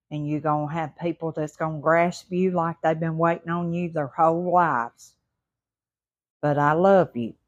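A woman from the Mississippi Gulf Coast with a Southern accent, hosting a motivational podcast in a warm, folksy, repetitive way while recovering and a little short of breath. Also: deep voice. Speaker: podcast host. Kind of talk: encouraging motivational podcast talk.

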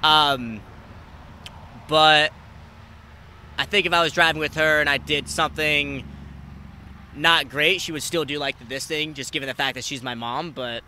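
A young man hosting a casual outdoor podcast, his voice very bright and a little high for a man. He tells stories with lively energy, swears freely, and jumps up in pitch when he acts out other people. Faint traffic hum sits behind him. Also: measured pace, pauses often. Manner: animated, acts out quoted people with big jumps in pitch and loudness. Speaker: podcast host. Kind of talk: casual storytelling chat.

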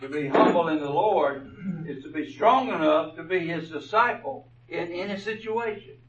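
A man preaching a sermon, telling stories slowly and deliberately, his phrases often trailing off softly. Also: on the high side. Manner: slow, deliberate storytelling with soft trailing phrases. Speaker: pastor. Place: church. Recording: dull, distant church recording.

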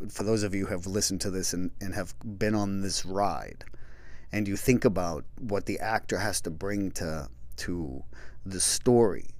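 A man hosting a true crime podcast, talking casually and reflectively, halting with many restarts and often dropping to a soft low voice. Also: no echo.

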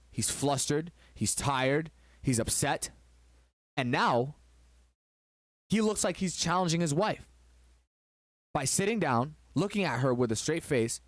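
A man's voice: mid-range voice, no echo, clean studio sound. A man hosting a relationship advice talk, telling a story in an emphatic, preachy way.

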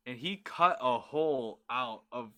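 A man with a bright, forward voice tells a story on a casual podcast. He swears freely and acts out what other people said with lively energy. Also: medium pitch, measured pace. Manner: animated, profane storyteller who acts out quotes. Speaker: podcast co-host.

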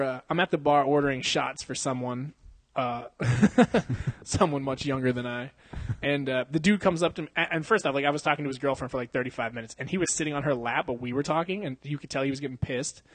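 Speaking a little fast in a mid-range voice on a dry recording, a young podcast host uses a handheld mic to tell a long story from a bar. It's casual, slangy, and profane, with plenty of laughter as he plays out what everyone said.

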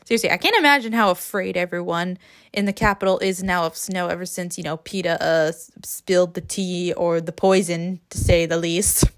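A woman's voice: fairly low pitch, normal speed. A woman hosting a podcast, recapping a book in a casual, rambling way with sarcastic asides and frequent laughs. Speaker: podcast host.

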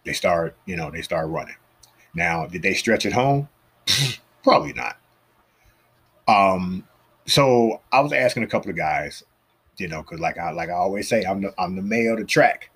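A low, husky male voice with a lively, swinging delivery, chatting casually as the host of a fitness podcast. He tells stories in an animated way and acts out the people he quotes. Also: normal speed. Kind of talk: casual storytelling monologue.

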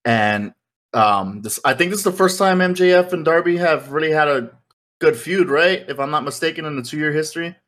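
A man's voice: on the high side, brisk, fairly bright tone. A man co-hosting a casual wrestling podcast, rambling with plenty of fillers. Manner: rambling, many fillers like "like" and "you know". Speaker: podcast co-host.

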